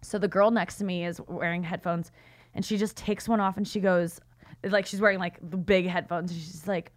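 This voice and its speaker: Speaking at a moderate pace in a medium pitch, this woman co-hosts a podcast. She relays a story in relaxed chat, bringing it to life by acting out each character's voice.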